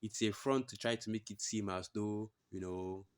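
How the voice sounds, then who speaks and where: A man's voice: fairly low pitch, fairly even intonation, moderate pace, clean tone. A man giving blunt, profane religious commentary that he breaks up with scripture readings, repeating his phrases for emphasis.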